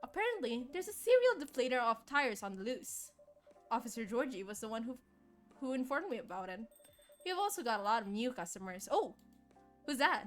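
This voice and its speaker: A woman's voice: on the high side, sing-song, brisk, faint music behind. A woman voicing a courteous, chatty café barista in a game, speaking earnestly. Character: polite barista running a café. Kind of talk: streamer voicing game dialogue.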